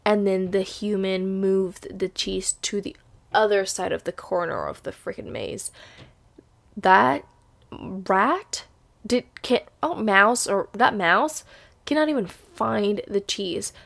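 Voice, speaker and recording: Speaking slowly with vocal fry, this woman in her twenties has an expressive, mid-range voice that's a bit bright. She's a vlogger addressing the camera in a casual, upbeat way, frequently starting sentences over.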